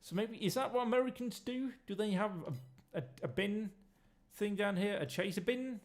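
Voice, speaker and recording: Gravelly-voiced man streaming a game. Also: high voice, normal speed. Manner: rambling, jokey, swears freely. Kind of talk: casual let's-play commentary.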